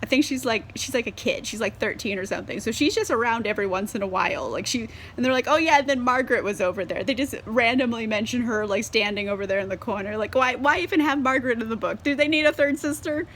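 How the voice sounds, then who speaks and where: A woman's voice: fairly high pitch, fast talker, hardly any pauses, fairly bright tone, a little hiss or hum. A woman casually reviewing a book while tipsy on wine, chatty and giggly with lots of fillers and swearing, recorded on a camera set on a tripod. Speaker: book vlogger.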